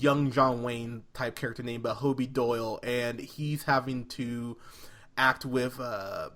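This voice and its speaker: A man's voice: mid-range voice, a bit bright. A man co-hosting a movie podcast, chatting casually and animatedly, often laughing and restarting his sentences. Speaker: podcast co-host. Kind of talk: casual movie review chat.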